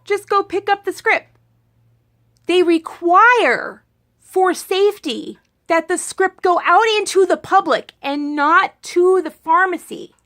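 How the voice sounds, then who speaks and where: A woman's voice: very high voice, animated, takes it slowly, a bit bright. A woman ranting casually in a political vlog, chatty and sarcastic, rambling with many restarts. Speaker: political vlogger.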